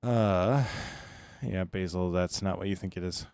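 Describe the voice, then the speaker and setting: A man's voice: low-pitched, a little slow, darkish tone, smooth, no room sound, studio quality. A man giving casual livestream commentary as a game streamer, rambling along and answering his chat between remarks.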